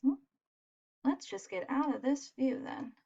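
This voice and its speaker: A woman's voice: high voice, measured pace, vocal fry, a little mellow, slightly rough, muffled recording. A woman teacher giving a recorded phonics lesson for children, patient and encouraging as she spells out sounds.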